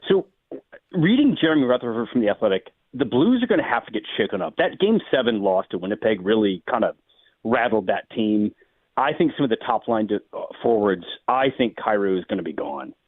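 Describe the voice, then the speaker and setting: A man's voice: fairly low pitch, very animated, a little fast, dry recording. A man from St. Louis co-hosting sports talk radio, musing through his analysis with hedges. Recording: tinny phone-like line.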